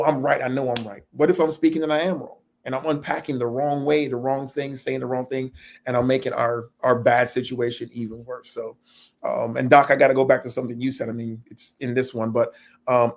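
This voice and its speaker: A man's voice: medium pitch, little pitch movement, a little fast, creaky. A middle-aged man speaking earnestly in a panel discussion, self-deprecating and laughing now and then as he tells his own stories. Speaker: panel guest.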